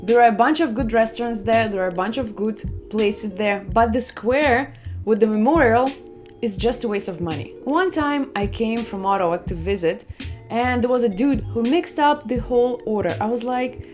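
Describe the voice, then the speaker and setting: A chatty woman vlogger speaking in a fairly high voice and casually telling her viewers stories. She slips into other people's lines as she tells them. Faint music plays underneath. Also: moderate pace, darkish tone. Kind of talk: casual travel vlog talk.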